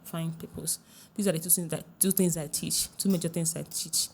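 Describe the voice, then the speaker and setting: Earnest woman coach, slightly low voice. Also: fairly even intonation, brisk, creaky, a little mellow, slight background noise. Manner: earnest and emphatic, repeats key phrases. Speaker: relationship coach. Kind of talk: podcast interview, giving advice.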